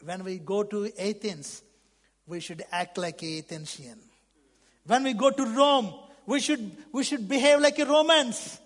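Very high-voiced male preacher in a hall. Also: unhurried. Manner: fervent, swinging from loud to hushed; non-native English phrasing. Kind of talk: sermon. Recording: long reverb of a large hall.

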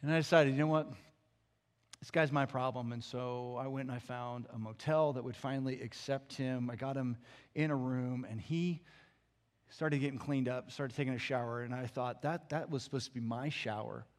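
A man preaching as a pastor, telling a personal story in an animated way that swings between loud and hushed. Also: mid-range voice, moderate pace, in a large hall. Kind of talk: storytelling sermon.

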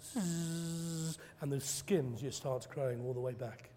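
A man preaching a sermon, telling stories dramatically and acting out quoted preachers in loud high bursts. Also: fairly even intonation, normal speed, slight background noise. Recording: long hall reverb.

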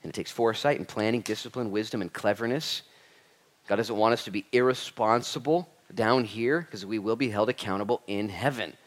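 A man in his thirties, a pastor preaching a Bible study sermon with lively acted-out quotes and humor. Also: fairly low pitch, fairly quick.

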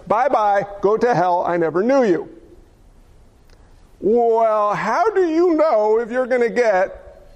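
A man preaching with an unusually high voice. He drives his points home emphatically, asks the congregation rhetorical questions and briefly acts out the voices of the people he quotes. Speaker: pastor. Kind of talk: sermon.

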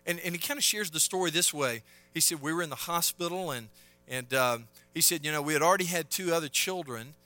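A man preaching at a conference, his voice bright and slightly high. He tells stories, swinging from loud, emphatic lines to quiet, hushed passages. Soft music plays faintly under him. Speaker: conference speaker. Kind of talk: sermon.

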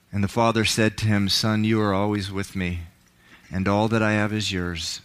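A man, a pastor, preaching a sermon in church, reading scripture with dramatic swells and hushed drops. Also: fairly low pitch, flat delivery, normal speed, clean tone. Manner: dramatic, swells up on key words and drops to a hush.

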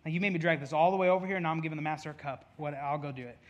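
A man's voice: on the high side, rapid-fire, muffled recording, voice pushed down, lightly acted. A male preacher voicing a put-upon servant, incredulous and exasperated.

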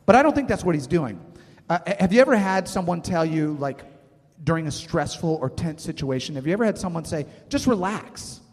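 A male pastor in his thirties delivers a sermon in a casual, conversational way, often turning to ask the congregation questions. His voice sits a little high for a man. The sound rings with a long hall reverb. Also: expressive, fairly quick, darkish tone.

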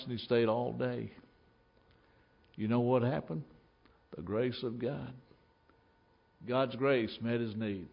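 A male preacher delivers a story-driven sermon in a church, pressing each point with emphasis and playing out the scenes. His voice sits in a middle register, and the recording sounds dull and lo-fi. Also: medium pitch. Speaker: pastor.

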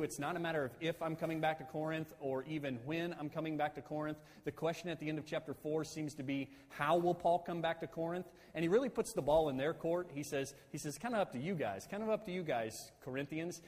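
A man's voice: mid-range voice, a little mellow. A man preaching a conversational sermon as pastor, with fillers and frequent checks with his listeners. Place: church sanctuary. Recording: long reverb of a church hall.

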